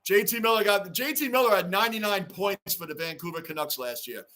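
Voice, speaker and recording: A man hosting a live sports reaction stream, rambling excitedly and reading fan chat aloud. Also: high-pitched, brisk. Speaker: livestream host.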